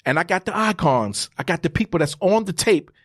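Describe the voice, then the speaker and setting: A man's voice: sits high, lively intonation, fairly quick, fairly bright tone. A man testifying about his life in an interview, repeating and emphasizing phrases like a preacher. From New York. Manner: acts out God's and his son's voices. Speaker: interview guest. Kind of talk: testimonial storytelling.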